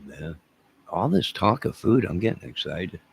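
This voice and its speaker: A man's voice: deep voice, big pitch swings, normal speed, vocal fry, husky. A man from the American South hosting a casual live stream, rambling jokily and talking to his chat viewers by name.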